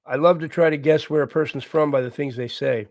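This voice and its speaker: This man runs a live stream, voicing viewers' comments and responding to each one casually and earnestly; he repeats himself and chuckles a lot. He speaks fairly quickly in a voice on the high side, darkish and fairly even in intonation.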